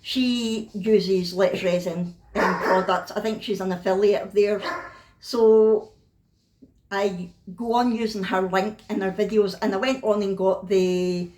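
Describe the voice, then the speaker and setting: A woman's voice: mid-range voice, fairly even intonation, a little slow, darkish tone, reverberant, low-quality recording. A Scottish woman chatting casually about a craft haul at home, self-mocking and laughing often. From Scotland. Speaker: craft vlogger.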